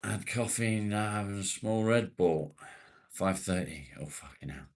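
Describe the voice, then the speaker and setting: This livestream host is a man from England with a lowish voice and an ordinary speaking speed. Relaxed and casual, he goes through chat comments, answering them bluntly and cursing liberally.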